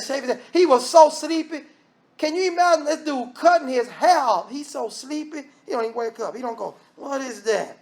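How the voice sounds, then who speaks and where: A man preaching a lively sermon, firing off rhetorical questions and acting out voices. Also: extremely high pitch.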